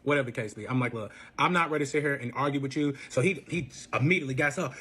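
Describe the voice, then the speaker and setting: A man retelling a messy relationship story in casual speech, animated and profane, acting out every quote. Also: mid-range voice, racing, hardly any pauses, breathy edge. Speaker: storyteller guest.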